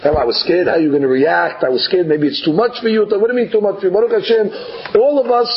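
A man's voice: high voice, steady tone, fast talker, lo-fi sound, slight background noise. A man, a rabbi, giving a Torah class in a conversational way, arguing with imagined listeners.

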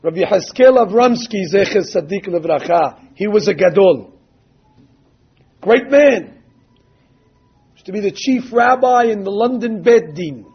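A man preaches a sermon, weaving in stories and stressing quoted passages with slow emphasis. His voice sits high and husky. The recording is dull and lo-fi. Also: lively intonation. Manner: emphatic, drawn-out quoting of texts. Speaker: rabbi or religious teacher. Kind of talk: sermon with storytelling.

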